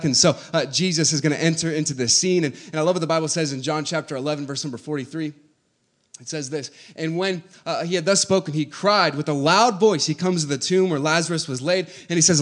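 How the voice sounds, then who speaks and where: Guy preaching a sermon, kinda high voice, goes quiet then builds up loud. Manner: swings from soft conversational teaching to loud rising exhortation.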